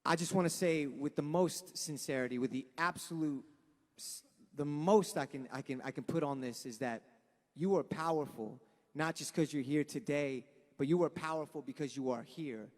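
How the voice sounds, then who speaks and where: Speaking at a moderate pace in a voice on the high side, a young LA band frontman rambles earnestly and with plenty of profanity to a live outdoor crowd. A sound system adds long, echoing reverb.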